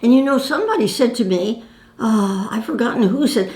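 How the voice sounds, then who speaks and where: A woman in her nineties chats to the camera, reminiscing about her own life and calling the viewer "my dear." Her voice is fairly high, expressive, a little mellow, and she talks fairly quickly. The recording has a roomy echo.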